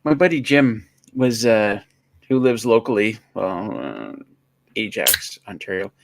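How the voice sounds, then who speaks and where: A playful man chats and tells stories on a casual livestream. His pitch swings widely as he jokes. The sound is dry and close, with no room around it. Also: unhurried, gravelly, dry recording. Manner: joking, storytelling, animated. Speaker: livestream co-host.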